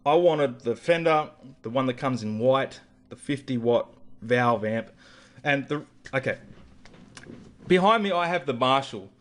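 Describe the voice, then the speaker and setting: A man in a vlog, ranting and rambling through a story with heavy swearing. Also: medium pitch. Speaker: vlogger.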